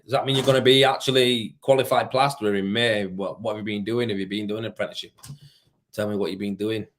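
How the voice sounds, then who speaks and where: A tired man with a fairly low voice hosts a casual live stream and reads viewer questions aloud. He answers in easygoing, slang-filled chat and keeps calling people mate. He is in his thirties and talks like a worn-out working tradesman. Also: steady tone, quick pace. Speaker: plasterer livestream host.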